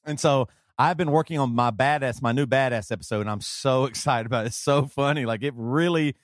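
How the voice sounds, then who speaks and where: A man with a Southern accent hosting a podcast, talking in a rambling, excitable way and laughing often. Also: mid-range voice, a little fast, no room sound, clean studio sound. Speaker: podcast host. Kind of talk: casual chat.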